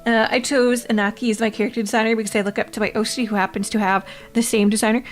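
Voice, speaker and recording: A woman's voice: a little high, little pitch movement, quick pace, soft background music. A woman from Canada, chatting casually with her livestream chat, rambling and laughing often. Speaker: VTuber streamer.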